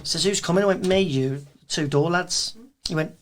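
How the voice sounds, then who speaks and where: A man with a Birmingham accent tells stories in a casual chat as a guest, and his voice sits a little high. He lively acts out what others said along the way. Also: moderate pace, a little hiss or hum. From England. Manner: animated storyteller, acts out quotes. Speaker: guest, event promoter.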